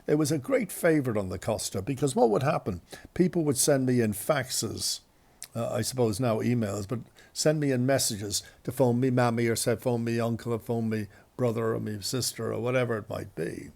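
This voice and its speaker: A man's voice: medium pitch, normal speed, gravelly, darkish tone. A male radio host telling embarrassing stories in a chatty, self-deprecating, rambling way. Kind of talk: anecdotal storytelling.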